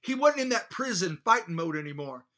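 A fervent male preacher with a high, bright voice. He delivers his sermon with hallelujahs between phrases and slips into storytelling full of restarts. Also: very animated, a little fast. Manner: storytelling with repeated false starts.

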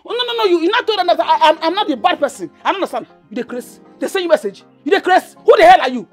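An actress with a Nigerian accent playing a quarrelsome young woman who mocks and shouts in Pidgin. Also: very high-pitched, expressive, very fast, faint music behind. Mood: scornful. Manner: mocking, repeats herself, shouts in Pidgin. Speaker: actress in a film. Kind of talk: Nollywood film drama.

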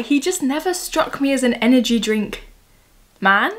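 A young woman from England, chatting casually to her camera at home, self-deprecating and quick to laugh. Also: high-pitched, animated. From southern England. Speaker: vlogger. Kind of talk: casual vlog chat to camera. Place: at home, indoors.

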